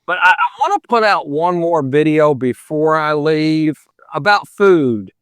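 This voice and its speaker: An older man in his seventies talks as a podcast guest, folksy and rambling, stringing thoughts along with easy fillers. His voice sits a little high for a man, and the recording is close and dry, with no room sound. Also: very animated, measured pace, a bit bright, smooth, dry recording. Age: 70s. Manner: folksy and rambling, full of "you know" and "man". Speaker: podcast guest, thru-hiker and pastor. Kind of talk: casual interview chat.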